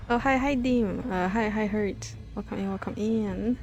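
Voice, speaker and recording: A woman's voice: medium pitch, normal speed, hardly any pauses, darkish tone, soft background music. A woman streamer chatting casually while playing, playful and greeting her chat.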